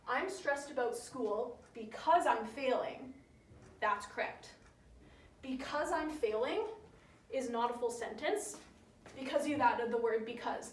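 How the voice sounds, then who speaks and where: A woman's voice: on the high side, echoey room, far from the mic. A young woman teaching grammar in a casual, chatty way, often checking in with her listeners. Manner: chatty, keeps checking in with "right?".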